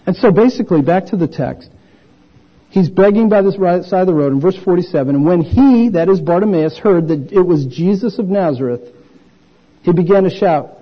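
A male preacher delivering a lively sermon, taking on the voices of the people in his story as he goes. His voice is fairly high for a man, husky and mellow. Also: moderate pace, low-quality recording. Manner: animated, acts out voices of the disciples and the blind man.

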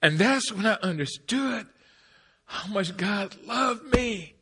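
A man in his forties preaching an energetic sermon with comic stories, laughing often and shouting at the peaks. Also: sits high, slow pace, breathy edge.

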